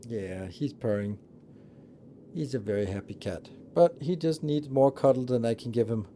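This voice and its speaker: A man's voice: mid-range voice, moderate pace, mellow, a little hiss or hum. A man streaming a building game, thinking aloud and muttering as he plays. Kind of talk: casual live-stream commentary.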